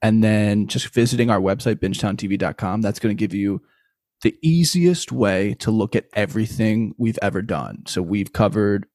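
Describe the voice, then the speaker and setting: A man's voice: lowish voice, moderate pace, a little mellow, no room sound, clean studio sound. A man hosting a casual podcast, chatting loosely with some swearing and closing with show plugs. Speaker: podcast host.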